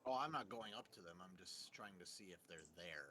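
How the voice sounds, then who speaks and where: A man playing in a tabletop game, casual, playful and quick to giggle. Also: deep voice. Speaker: player. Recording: loud noise and clicks.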